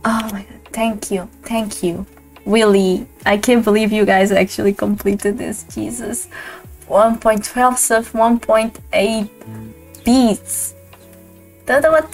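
A woman hosting a casual livestream, gushing with thanks and laughing easily. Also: medium pitch. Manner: gushing, excitable, quick to laugh. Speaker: streamer host. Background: faint lo-fi background music.

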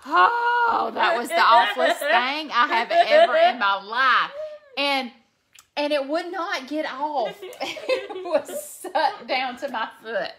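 A woman, chatting casually on a live stream, telling stories slowly and laughing often. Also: high voice, very animated, crowd noise. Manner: slow, drawling storyteller, laughs often. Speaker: co-host, mother.

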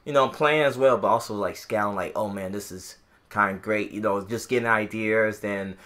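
A podcast co-host from Illinois, talking in an animated, rambling way full of restarts. His voice is bright with a tense edge. He keeps the casual chat going as he tells a long story. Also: lowish voice, moderate pace. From Illinois, USA.

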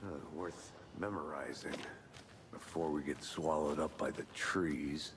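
A weary, dry-witted male FBI agent. His voice is very deep and his delivery slow and flat. A faint hiss runs under it. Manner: deadpan, sardonic.

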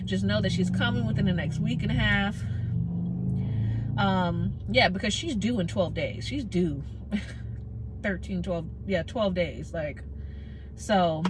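A woman's voice: mid-range voice, takes it slowly, pauses often, noisy background. A young pregnant woman, chatting casually to her vlog camera, rambling and out of breath. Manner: chatty, rambling, laughs often. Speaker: vlogger.

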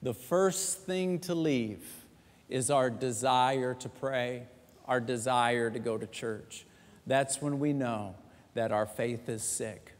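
A man preaching a sermon as pastor, telling stories lively and joking with the congregation. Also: mid-range voice, slow pace. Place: large church sanctuary. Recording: echoey church hall.

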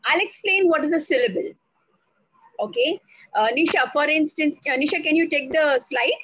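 A woman teaching on a video call, slow and deliberate, spelling out words letter by letter. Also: high voice, a bit bright, no room sound, poor audio. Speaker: English language trainer. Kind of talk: online speaking workshop.

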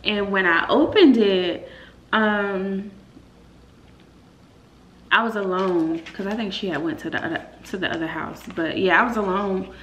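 A woman's voice: medium pitch, measured pace, long pauses, a bit bright. A young woman vlogging in casual chat, talking straight to her viewers. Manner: chatty, talks straight to viewers. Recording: roomy echo, faint room noise.

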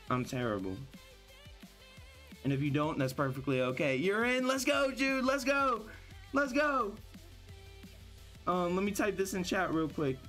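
A young man hosting a live gaming stream, chatting casually with viewers, upbeat and hyped, repeating himself and apologizing often. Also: a little high. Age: young adult. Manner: upbeat and hyped, greets chat by name, repeats phrases, apologetic. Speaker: livestreamer hosting viewer tournaments.

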